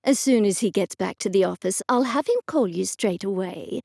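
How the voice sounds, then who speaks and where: A woman's voice: medium pitch, moderate pace, vocal fry, no room sound, studio quality. A woman playing a chirpy receptionist. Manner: animated and polite.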